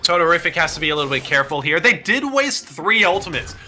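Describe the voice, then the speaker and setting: Aussie co-caster breaking down the game, really bright sharp voice, music faint underneath. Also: male voice, a little high, sing-song, fast talker. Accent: Australian. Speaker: esports co-caster. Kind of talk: live analyst commentary.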